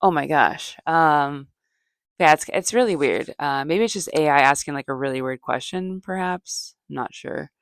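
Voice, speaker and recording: Low-voiced woman rambling in dry chat. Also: moderate pace, dry recording. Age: middle-aged. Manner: meandering, chatty, many fillers and asides. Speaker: comedian and podcast host. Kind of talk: rambling solo comedy chat.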